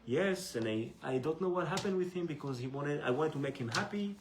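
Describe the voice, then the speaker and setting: A man voicing a poor, weak old man who speaks hesitantly and haltingly in a retold story. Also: a little high, animated, noisy background. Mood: bewildered. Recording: echoey room.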